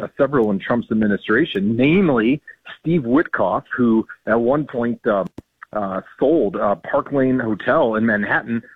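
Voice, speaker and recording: A man's voice: mid-range voice, husky. A man speaking as a guest on a phone-in radio interview, earnest and indignant, with many ums and restarts. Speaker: policy guest. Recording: tinny phone line.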